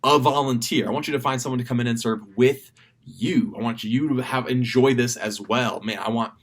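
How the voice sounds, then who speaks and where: A man leading children's ministry, briefing volunteers in a relaxed, chatty, self-deprecating way. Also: medium pitch, brisk, husky. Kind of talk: casual volunteer training briefing.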